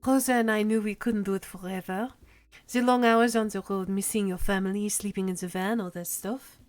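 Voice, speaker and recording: A woman voicing a gentle, grieving male coffee-shop dad and former musician in a dating game, speaking softly and wistfully. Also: mid-range voice, expressive, moderate pace, lightly acted.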